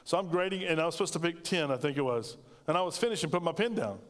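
A man delivers a sermon in a bright, high register, speaking plainly and with force. He calls out to the congregation and drives his points home. His voice carries a long reverb in a church hall. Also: expressive, fast talker. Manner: emphatic, conversational preaching with call-and-response to the congregation. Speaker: pastor. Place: church sanctuary.

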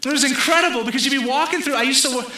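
A man's voice: extremely high pitch, racing, pushed and bright, roomy sound, poor audio. A young man preaching a sermon in a conversational style, joking with the congregation. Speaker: pastor.

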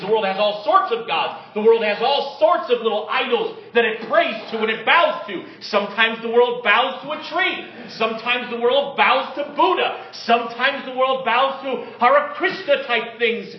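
A male preacher with a high voice reads scripture and preaches in a dramatic way, rising and falling between loud calls and quiet, low murmurs. The sound is echoey and a little dull. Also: expressive, normal speed, hardly any pauses. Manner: dramatic, varies pitch and loudness, drops low and quiet for emphasis. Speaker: pastor. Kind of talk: sermon with scripture reading.

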